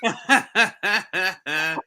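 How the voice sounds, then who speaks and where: A livestream host interviewing a guest in a lively, giggly, affectionate way. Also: medium pitch, very slow. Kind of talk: casual interview chat.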